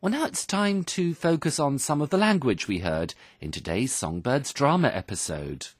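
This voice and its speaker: A man's voice: mid-range voice, expressive, normal speed. A man presenting a radio English lesson, explaining phrases in a patient, teacherly way.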